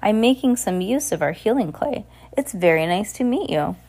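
A woman reading aloud and voicing a genial older male island leader who speaks cordially with gentle authority. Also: medium pitch, animated, normal speed, pitched above the performer's own voice. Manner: cordial, smooth, gently commanding.

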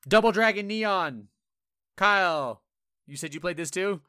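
A man on a casual gaming podcast with a bright, forceful voice, recorded dry and close. He tells animated stories, swears freely and acts out his own frustrated reactions in quoted asides. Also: sits high, measured pace, clean tone, no echo. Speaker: podcast co-host.

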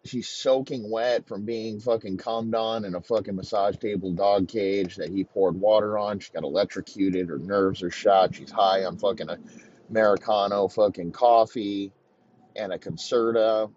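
A man telling a crude, rambling comedic story in a profane, deadpan way. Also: on the low side, breathy edge. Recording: dull lo-fi recording.

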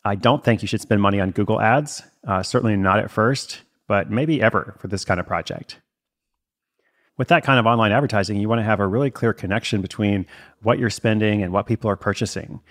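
A man's voice: fairly low pitch, fairly quick. A man hosting a podcast, answering listener questions in a thoughtful, hedging way and often restarting his words. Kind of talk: casual solo podcast advice.

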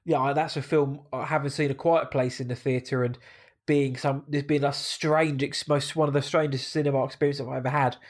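A man's voice: medium pitch, little pitch movement, a little fast. A British man co-hosting a casual movie podcast, a bit nasal from hay fever, chatty and enthusiastic. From Britain. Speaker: podcast co-host.

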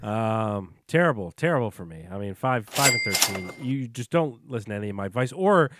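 A man's voice: fairly low pitch, animated, a little fast, very noisy. A young man co-hosting a podcast, chatting casually and jokingly about sports with frequent fillers. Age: young adult. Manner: laid-back, joking, hesitant fillers. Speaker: podcast co-host.

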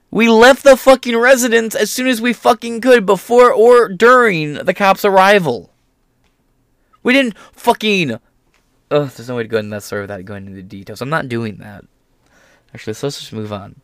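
A man's voice: fairly high pitch, fairly bright tone, no echo, studio quality. A man giving casual, profane political commentary, sarcastic and mocking, often slipping into put-on voices to mimic others.

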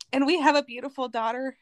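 A woman's voice: high-pitched, no room sound. A woman from Arizona, a podcast guest, telling her personal testimony in an earnest, emotional way.

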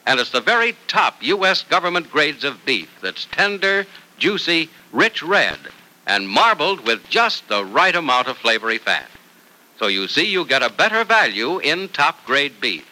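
An upbeat male announcer reading a vintage radio ad and narration. His voice is very bright and sharp, with lively swings in pitch. He speaks with a salesman's push. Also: normal speed, poor audio.

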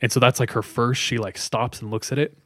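In a medium-pitched voice with little pitch movement, a man briskly recounts a scary story to his friends. His delivery is conversational and loose, full of fillers, captured in a dry, studio-quality recording.

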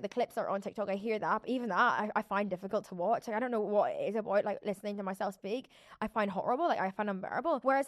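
A woman's voice: mid-range voice, dry recording, studio quality. A woman from Belfast with a Belfast accent, hosting a podcast in a chatty, rambling solo monologue full of "like". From Belfast, Northern Ireland. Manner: chatty, rambling, oversharing, lots of "like". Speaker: podcast host. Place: indoor recording room.

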